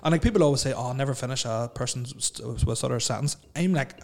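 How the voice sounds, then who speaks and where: Irish male podcast host, thirties, rapid talker, stutters. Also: medium pitch, creaky, darkish tone. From Ireland. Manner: stutters, repeats words, laughs often. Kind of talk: casual podcast chat.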